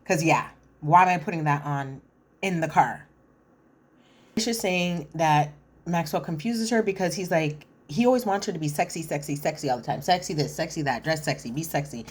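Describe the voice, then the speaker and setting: A woman's voice: fairly low pitch, sing-song, normal speed, slightly rough. A woman giving a chatty, blunt, slangy recap of a reality show, with lots of fillers. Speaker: reality TV commentator. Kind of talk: casual recap commentary.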